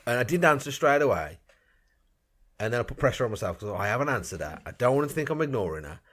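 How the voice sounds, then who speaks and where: A man's voice: mid-range voice, sing-song, fast, a bit bright. A man co-hosting a podcast, telling rambling, self-mocking stories in casual chat. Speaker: podcast co-host.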